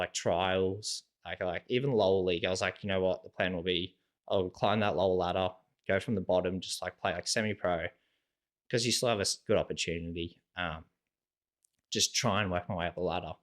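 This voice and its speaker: Deep-voiced young Australian man. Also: fairly bright tone. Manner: rambling, heavy use of "like" and "sort of" fillers. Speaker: guest. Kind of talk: casual conversational storytelling.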